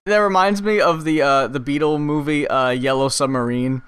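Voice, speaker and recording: A man's voice: on the high side, moderate pace, fairly bright tone, clean tone, soft background music. A man co-hosting a podcast in casual chat, laid-back and dry, riffing in long asides. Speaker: podcast co-host.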